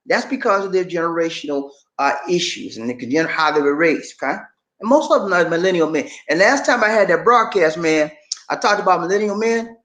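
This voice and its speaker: A man's voice: a little high, a little fast. Older guy hosting a live stream, preachy pep talk, voice bouncing all over, roomy echo. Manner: animated, preachy, repeats phrases to rally listeners. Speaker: channel host.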